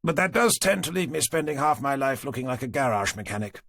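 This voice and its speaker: A man's voice: medium pitch, lively intonation, fast, gravelly, a bit bright, no room sound. A man reading an audiobook, voicing a kindly old aristocrat with a clipped upper-class English accent and dry, self-mocking humour. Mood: genial.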